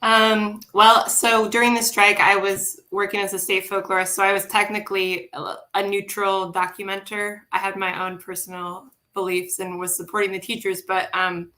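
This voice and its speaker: Woman folklorist with a bright, tense voice and a flat delivery, speaking reflectively on a panel. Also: mid-range voice, moderate pace. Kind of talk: roundtable discussion.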